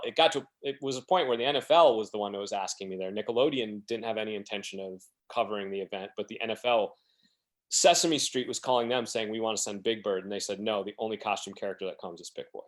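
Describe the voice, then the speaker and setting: He talks fast in a voice on the low side, a podcast guest telling casual, rambling stories that poke fun at himself. Along the way he acts out the quotes of other people.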